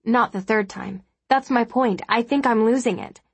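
Woman reading as nervy flight attendant lady, worried, kinda breathy, second-guessing herself. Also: on the high side, dry recording, pitched above the performer's own voice. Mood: anxious. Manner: worried, self-doubting, halting. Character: anxious, frayed adult woman flight attendant.

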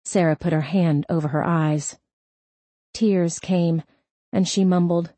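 A woman reading a novel aloud in a steady, scripted narration. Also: lowish voice, takes it slowly, pauses often, dry recording. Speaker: audiobook narrator.

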